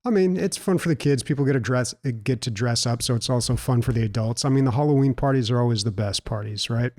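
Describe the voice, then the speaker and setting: Dry, low-key man on a podcast. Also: fast, darkish tone. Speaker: podcast co-host. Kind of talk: casual chat.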